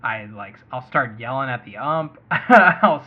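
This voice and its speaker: Muffled lo-fi audio with slight background noise carries a man's medium-pitched voice at a moderate pace. He hosts a fantasy baseball podcast, keeping things casual and chatty while musing aloud with plenty of hedges.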